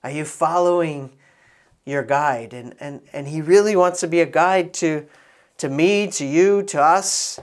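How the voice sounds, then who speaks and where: A middle-aged man preaching in a relaxed storytelling way, with frequent restarts and quiet, intimate asides. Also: on the high side, unhurried. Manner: conversational, many restarts, soft intimate asides. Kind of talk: sermon storytelling.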